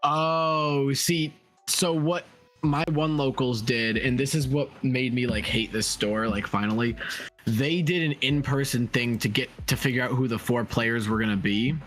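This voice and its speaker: A man's voice: medium pitch, a little slow, a bit bright. A man co-hosting a card game stream, chatting casually and rambling with a lot of "like". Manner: chatty, lots of "like", rambling stories. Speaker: stream co-host. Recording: faint music behind. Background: faint music.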